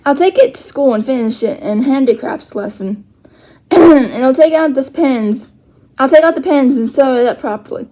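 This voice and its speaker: A woman doing an excited young boy. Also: sits high, moderate pace. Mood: eager. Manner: eager and excited. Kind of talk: storybook read-aloud.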